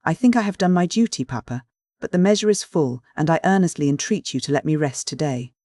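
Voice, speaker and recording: A man's voice: a little high, animated, brisk, a little mellow, dry recording, studio quality, close to an everyday voice. A man voicing a proud, cold noble countess, formal and commanding in a storybook reading. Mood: imperious.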